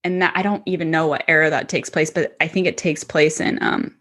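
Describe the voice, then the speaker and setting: A woman's voice: sits low, fairly even intonation, fairly quick, a bit bright. A woman author chatting as a guest, enthusiastic and rambling, with lots of fillers and restarts. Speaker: hosts her own book podcast. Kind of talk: casual conversational interview.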